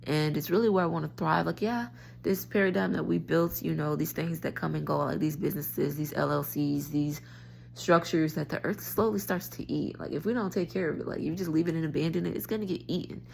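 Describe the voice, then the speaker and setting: Low, gravelly woman ranting into her phone. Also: steady tone, fairly quick, slight background noise. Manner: frustrated, stream-of-consciousness, restarts thoughts. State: tired. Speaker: spiritual vlogger. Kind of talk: rambling rant to camera.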